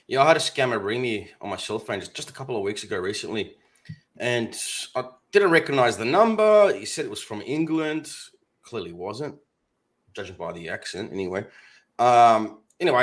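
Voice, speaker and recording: A man's voice: mid-range voice, lively intonation, fairly quick, a bit bright. A man chatting casually as a guest, telling a story and acting out both sides of a phone call. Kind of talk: casual chat.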